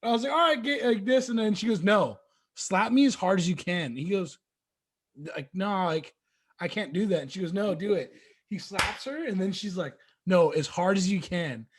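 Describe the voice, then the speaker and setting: High husky-voiced young man telling stories. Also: moderate pace. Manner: animated, acts out voices in stories. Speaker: podcast host. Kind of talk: casual drunk storytelling. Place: podcast room.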